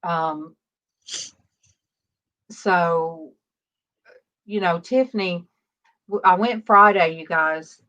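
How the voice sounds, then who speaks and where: A middle-aged woman leads a casual online prayer chat, speaking slowly in a lowish voice. She hesitates and fills gaps with "um" while she gathers her thoughts. Her call audio comes through muffled. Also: pushed and bright. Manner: halting, many pauses and "um"s. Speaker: online ministry panel host.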